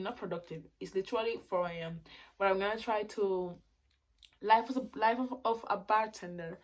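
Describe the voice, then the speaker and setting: In a casual phone vlog, a native Spanish speaker in her twenties talks with a fairly high pitch, moving back and forth between loud excited bursts and quiet reflective passages.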